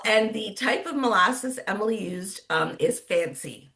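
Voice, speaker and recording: A woman's voice: medium pitch, animated, a little slow, creaky, a bit bright. A woman with a Canadian accent moderating an online cooking class in a chatty, upbeat way, laughing often. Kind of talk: casual livestream chat.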